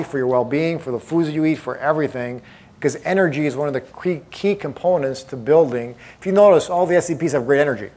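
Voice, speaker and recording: A man leading a live seminar, speaking emphatically and asking the audience questions directly. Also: on the high side. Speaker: motivational speaker.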